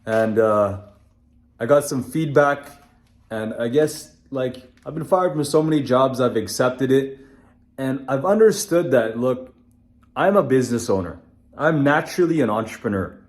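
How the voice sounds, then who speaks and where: A man's voice: medium pitch, a little slow. A young man from Canada, a construction business owner, candidly telling a personal story in casual, blunt speech full of fillers and reenacted dialogue. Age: young adult.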